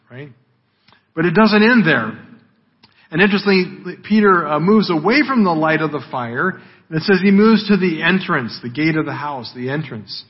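A man's voice: a little high, slightly rough. A man preaching a sermon in a conversational way, often checking in with "right?", heard on a dull, lo-fi recording. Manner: conversational, with frequent "right?" tags. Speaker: pastor.

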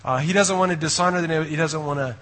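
A man preaching a sermon in an animated, conversational way, checking in with his listeners through frequent rhetorical questions. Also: on the high side, fast talker. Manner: animated storytelling. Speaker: pastor.

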